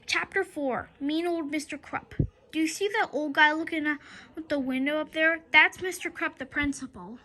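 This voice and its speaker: Lady reading a kids book out loud, really high voice, bright, trips over words and restarts. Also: moderate pace. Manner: lively storytelling with frequent stumbles and restarts. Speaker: reader of a children's book. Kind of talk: reading a children's book aloud.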